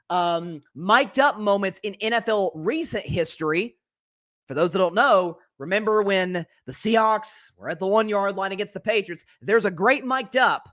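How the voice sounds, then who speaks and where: Young male sports podcaster, high bright voice, fired-up casual opinion talk. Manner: energetic opinionated rant. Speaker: podcast host.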